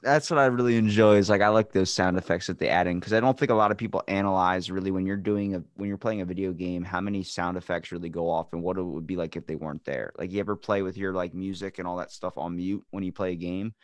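A man's voice: sits low, steady tone, fast, hardly any pauses, no room sound. A man hosting a podcast, chatting casually with a friend, teasing, playfully needy and swearing. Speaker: podcast host.

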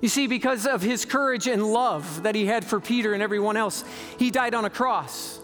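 A man preaching a sermon in a large church, telling a story dramatically and shifting between slow, stressed words and quick bursts. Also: high voice, a bit bright, faint music behind. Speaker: pastor.

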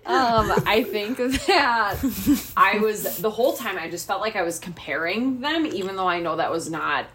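A woman's voice: medium pitch, lively intonation, unhurried, a bit bright, a little hiss or hum. A tipsy woman guest in a casual podcast chat, hesitant and joking, recorded on a phone. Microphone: iPhone.

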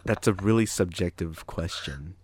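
A man's voice: sits low, normal speed, darkish tone. A man chatting casually and telling a story, acting out voices and swearing as he goes. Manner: storytelling with acted-out voices, swearing, laughing often. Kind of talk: casual chat.

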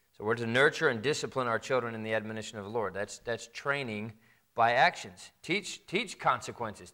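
A man preaching a sermon in a conversational way, acting out parents and children in quick quoted asides. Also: medium pitch, a bit bright. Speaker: pastor.

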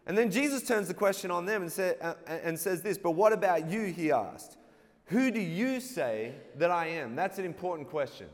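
A man's voice: high-pitched, lively intonation, normal speed. A man preaching a sermon, playful, calling out for the congregation to answer back and laughing at his own jokes. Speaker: pastor. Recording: long hall reverb.

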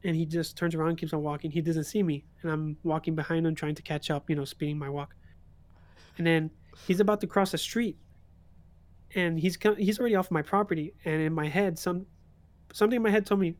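A young male streamer with a slightly high voice, talking casually on a stream. He tells stories with animation and laughs easily between lines. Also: fast talker. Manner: animated storyteller, laughs often. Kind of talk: casual chat.

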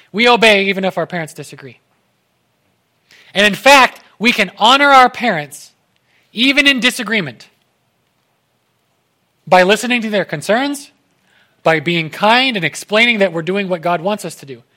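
A young male preacher with a high, bright voice gives a casual sermon. He talks in an animated way and slips into the voices of the people in his story. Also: normal speed, long pauses. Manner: animated, acts out quoted voices.

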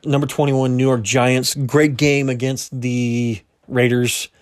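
A young man running through rankings on his own sports podcast in loose, casual talk. He trips over words and corrects himself as he goes, and his voice sounds a little strained. His pitch sits in an ordinary middle range. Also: little pitch movement, slow. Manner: casual, rambling, self-correcting, laughs at himself. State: slightly strained voice. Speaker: podcast host.

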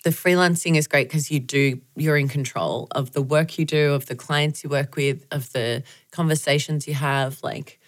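A woman's voice: low voice, fairly even intonation, normal speed, hardly any pauses. A woman with an Australian accent co-hosting a podcast, chatting casually and laughing often. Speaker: podcast co-host. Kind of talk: casual chat.

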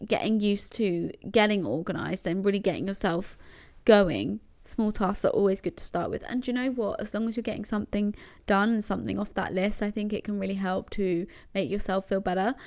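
A young woman lifestyle vlogger, medium-pitched with a darkish tone, chats casually through organising tips in a chatty advice vlog. She rambles and pokes fun at herself, peppering her talk with fillers like "do you know what I mean".

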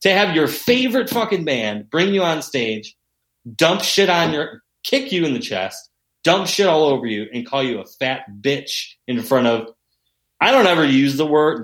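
Animated, profane man telling stories. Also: a little high, normal speed. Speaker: podcast guest. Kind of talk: casual storytelling chat. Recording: roomy echo.

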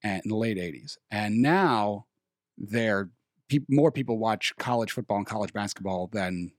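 A young man hosting a casual podcast chat, rambling and pausing to search for names. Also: lowish voice, dry recording, studio quality. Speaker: podcast host. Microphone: studio microphone.

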